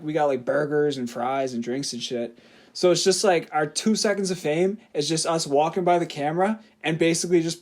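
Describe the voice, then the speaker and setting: A man's voice: a little high, a little mellow. A young man, co-hosting a podcast, laid-back and laughing often as he swears casually. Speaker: podcast co-host. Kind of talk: casual chat.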